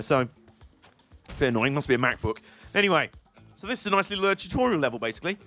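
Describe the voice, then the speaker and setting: A man's voice: on the high side, lively intonation, fast, long pauses, fairly bright tone, faint music behind. A British man streaming a video game, giving casual, joking and rambling commentary. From Britain.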